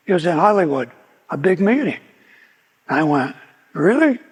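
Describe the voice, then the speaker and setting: In a meeting hall with long reverb, a guest speaker gives his recovery testimony, his fairly high, slightly rough voice expressive and moderately paced. He keeps restarting and repeating words as he talks.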